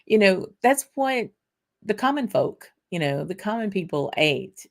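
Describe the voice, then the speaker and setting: A woman's voice: medium pitch, lively intonation, a little slow. A woman with a South Louisiana accent hosting a whisky show, chatting with many fillers and laughs, then reading a poem with theatrical flair. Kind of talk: casual chat and dramatic poem reading.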